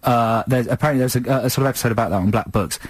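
A man co-hosting a radio show banters casually in the studio, laughing often, his mid-range voice rapid-fire on a dry recording. The exchange is chatty and lively.

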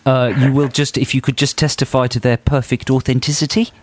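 A man's voice: medium pitch, level tone, fairly quick, no echo. A man co-hosting a radio show, teasing and stirring up a caller in casual banter. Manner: teasing, mischievous. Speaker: radio host. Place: radio studio.

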